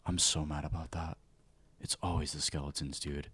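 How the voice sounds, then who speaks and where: A man streaming a survival game as ASMR, whispering and speaking softly into a close mic, now and then flaring up in frustration, with keyboard and mouse clicks behind him. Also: extremely low pitch, level tone, moderate pace, breathy edge. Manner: mostly whispered and soft, flaring into loud frustration. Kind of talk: ASMR gameplay livestream commentary.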